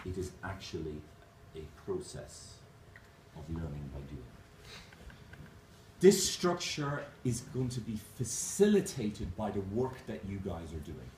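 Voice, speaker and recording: A man giving a motivational conference keynote, animated and jokey, speaking straight to the crowd. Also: on the low side. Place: conference hall. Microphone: distant camera mic. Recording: echoey hall, distant mic, noisy room.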